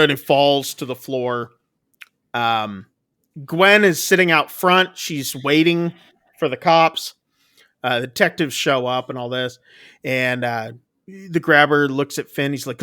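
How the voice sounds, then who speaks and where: Bright-voiced man recapping a film. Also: mid-range voice, slow, pauses often, clear, resonant tone. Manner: recaps plot loosely with many fillers and "like". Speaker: podcast co-host. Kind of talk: casual movie review chat.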